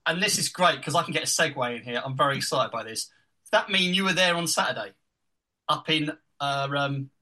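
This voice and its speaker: Quick, bright-voiced podcast host. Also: male voice, fairly high pitch. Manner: eager, chatty, laughs easily. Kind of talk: casual podcast chat.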